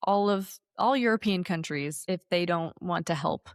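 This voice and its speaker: A woman in her thirties co-hosting a podcast, talking politics in a sarcastic, animated way with some swearing. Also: lowish voice, moderate pace, no echo, clean studio sound. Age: 30s. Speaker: podcast co-host. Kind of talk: casual political chat.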